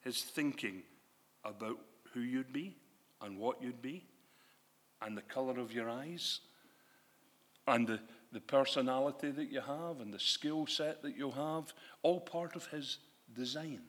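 Male preacher, lively conversational delivery, bright tone, reverberant hall. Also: medium pitch, measured pace, husky. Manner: animated, conversational preaching with rhetorical questions. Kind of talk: sermon.

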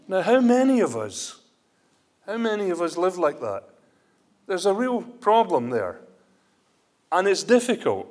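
A man preaching a sermon, telling illustrations and reading scripture with rising emphasis. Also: on the high side.

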